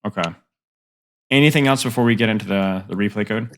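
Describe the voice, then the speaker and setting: A man's voice: fairly low pitch, fast talker, slight background noise. A man with a nasal voice coaching a player in a casual, frank, rambling way full of fillers. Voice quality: self-described nasal voice. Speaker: game coach.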